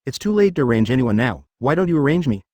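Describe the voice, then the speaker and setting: A man's voice: medium pitch, big pitch swings, quick pace, darkish tone, no echo, studio quality. A man voicing a shy young woman assistant. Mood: earnest. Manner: stern then timid, polite.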